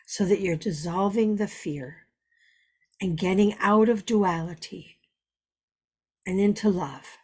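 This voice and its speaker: A woman's voice: medium pitch, darkish tone. A woman spiritual teacher giving an earnest, repetitive teaching talk, weaving in personal stories.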